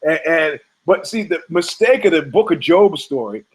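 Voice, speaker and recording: A man's voice: a little high, animated, normal speed, poor audio. A man hosting a podcast, delivering a rambling, profane comedic monologue and acting out quoted characters in funny voices. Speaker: podcast host.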